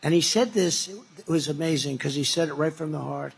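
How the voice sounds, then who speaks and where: A man's voice: fairly high pitch, brisk, creaky, breathy edge. Boastful rambling rally speaker, man. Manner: rambling, repetitive, boastful, with asides to the crowd. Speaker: political candidate addressing a rally. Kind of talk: off-the-cuff campaign rally speech.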